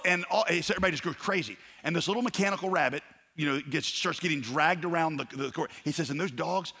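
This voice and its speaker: A man preaching a sermon, telling a story and acting out the voices in it with animated energy. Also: on the high side, vocal fry, big-room sound. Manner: animated, acts out voices in stories. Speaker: pastor.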